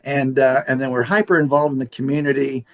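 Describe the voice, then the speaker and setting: A man's voice: medium pitch, fairly quick. A middle-aged man, a radio station manager, telling stories in a casual interview and acting out the dialogue. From San Antonio area, Texas. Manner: animated storyteller acting out dialogue.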